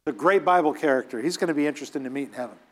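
A man's voice: a little high, racing, a bit bright. A man preaching a sermon, emphatic and exhorting, scolding his listeners and acting out the people he quotes.

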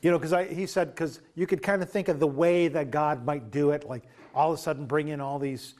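A man delivers a sermon as an extended story, speaking a little higher than most men. He wanders conversationally through the tale and slips into the voices of the people he quotes. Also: fairly even intonation, a little fast, darkish tone. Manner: loose conversational retelling with quoted dialogue. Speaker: pastor.

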